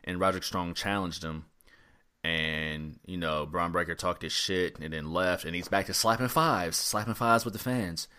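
A man's voice: low voice, moderate pace, bright, forceful tone, clean tone. A man co-hosting a casual podcast, musing in a laid-back way and trailing off with ums. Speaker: podcast co-host. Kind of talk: casual wrestling podcast chat.

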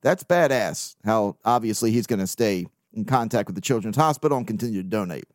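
A man's voice: lowish voice, lively intonation, fairly quick, no echo, clean studio sound. A man hosting a sports podcast, venting bluntly and profanely in casual talk. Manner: blunt, profane, venting, with mocking put-on quotes. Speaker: podcast host.

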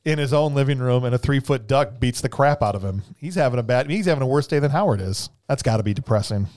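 Guy hosting a movie podcast, jokey, lots of quick questions, mid pitch. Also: animated, a little mellow. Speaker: podcast host. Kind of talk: casual movie podcast chat.

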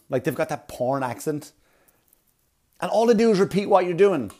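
A man performing a rambling stand-up comedy routine, full of filler words and quick asides. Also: a little high, very animated. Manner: rambling, filler-heavy delivery with sudden breathy put-on voices.

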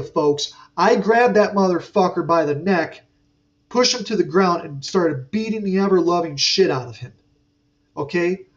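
A man with a fairly high voice tells an off-the-cuff work story, cursing freely and drifting into asides. He sounds a little distant from the mic. The recording has a dull, muffled tone. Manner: rambling and profane, with frequent fillers and asides. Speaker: aircraft mechanic podcast host. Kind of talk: casual storytelling monologue.

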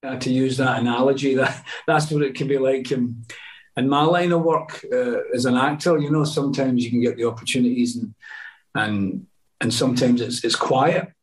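A man's voice: mid-range voice, fairly even intonation, normal speed. A middle-aged man, a guest actor telling rambling stories in casual chat, full of restarts and asides. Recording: voice a bit distant from the mic.

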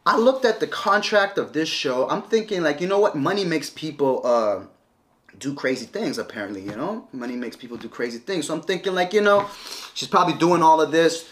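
A man's voice: a little high, expressive, brisk, a bit bright. A man talking straight to a camera, heated and scolding, repeating himself as he confronts his ex-wife. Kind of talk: confrontational casual talk to camera.

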